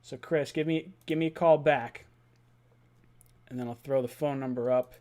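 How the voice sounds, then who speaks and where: A young man hosting a live-stream call-in fan show, excited, laughing and often shouting. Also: mid-range voice, moderate pace.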